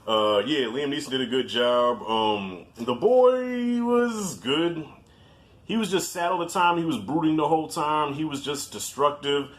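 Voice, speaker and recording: A man's voice: mid-range voice, a bit bright. A man in his forties giving a blunt, joking, profane movie review as a guest in casual chat. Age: 40s.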